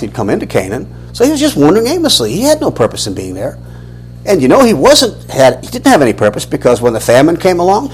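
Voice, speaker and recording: A man's voice: on the high side, a little hiss or hum, rough recording. A man, teaching a Bible lesson as a sermon, questioning and restarting often. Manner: animated, questioning, many restarts.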